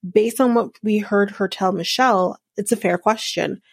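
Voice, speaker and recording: A woman's voice: mid-range voice, moderate pace, breathy edge, dry recording, clean studio sound. Sarcastic, profane woman podcast host. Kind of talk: casual reality TV recap.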